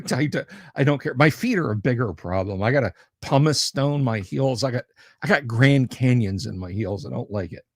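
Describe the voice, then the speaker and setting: A man of middling pitch hosts a laid-back livestream. He rambles and cracks jokes as he chats with his viewers. His voice sounds dry and close, with no room sound. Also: animated, normal speed, no room sound. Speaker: livestream host. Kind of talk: casual livestream chat.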